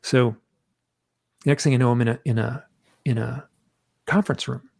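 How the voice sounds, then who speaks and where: A man with a middle-pitched voice and a gravelly edge. He tells his story as an interview guest, animated, acting out the voices of the people in it. He sounds dry and close. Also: moderate pace, no room sound. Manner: animated, acts out his own shouting and quotes.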